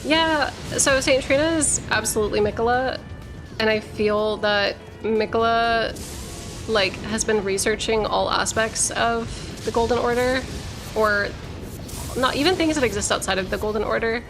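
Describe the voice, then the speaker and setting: A woman's voice: fairly high pitch, normal speed, music in the background. A woman streamer chatting casually with her viewers. She rambles with lots of fillers and restarts, swears freely, and struggles a little to get her words out. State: struggling to articulate, slurring slightly. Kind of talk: casual live-stream chat, reading viewer messages.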